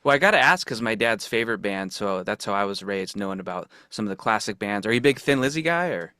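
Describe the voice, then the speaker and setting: A man's voice: fairly low pitch, animated, quick pace, sharp tone, clear, resonant tone, no room sound, clean studio sound. A man hosting a podcast, asking eager, fan-like questions in a casual interview. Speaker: podcast host.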